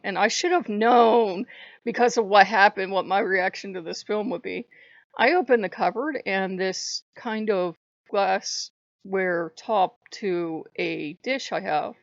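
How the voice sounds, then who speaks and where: Woman ranting to her channel, gravelly voice, swears a lot, flares up loud, dry dull sound. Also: medium pitch, dry recording. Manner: heated and profane, with sudden loud outbursts. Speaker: channel host. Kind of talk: ranting vlog monologue.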